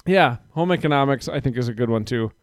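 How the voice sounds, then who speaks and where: A man talks in a relaxed, rambling way on a podcast, poking fun at himself as he goes. His voice is smooth and clear, at an ordinary pitch. The sound is close and dry. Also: fast talker, no room sound. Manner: rambling, self-deprecating, chatty. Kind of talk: casual chat.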